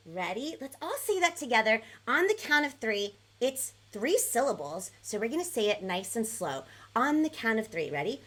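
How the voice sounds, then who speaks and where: A woman hosting a live online music show for children, bubbly and animated, cheering and counting along with her young viewers. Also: a little high, moderate pace. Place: home in Los Angeles. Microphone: headphones on, live stream.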